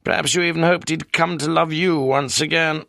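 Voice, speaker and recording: Morse, a gravelly British detective, read by a man. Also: on the high side, fairly even intonation, sharp tone, no room sound, studio quality, pitched above the performer's own voice. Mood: measured. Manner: slow, measured accusation. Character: calm, probing British police detective.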